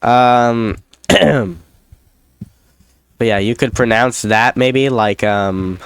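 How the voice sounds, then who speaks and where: A man's voice: mid-range voice, fairly even intonation, very slow, smooth, no echo. A young man chatting in a rambling, self-deprecating vlog, drifting off into jokey asides. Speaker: YouTuber. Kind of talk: rambling solo vlog chat.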